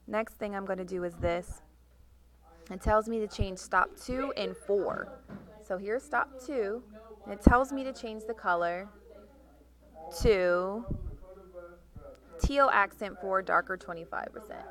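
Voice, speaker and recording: A woman teaching a software tutorial, talking through each click step by step and reading instructions aloud. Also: medium pitch, gravelly. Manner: reads instructions aloud, correcting herself. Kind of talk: screen-recorded software tutorial.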